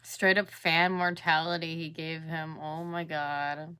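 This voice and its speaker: A woman's voice: deep voice, flat delivery, a little slow, sharp tone, slight background noise. A woman in her twenties hosting a reaction video, chatting casually, blunt and swearing now and then. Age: 20s.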